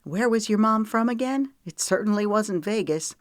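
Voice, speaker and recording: A woman narrating an audiobook voices a tearful, defiant young woman, pleading with emotion in an expressive, medium-pitched voice at normal speed. She pitches above her own natural voice, though it stays close to an everyday sound, and the studio recording is clean with no room sound.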